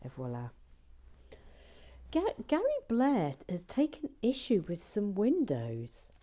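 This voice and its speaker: A woman hosting a relaxed building vlog, chatty and playful, drifting into soft whispered asides. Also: mid-range voice, takes it slowly. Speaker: host of a brick-building channel.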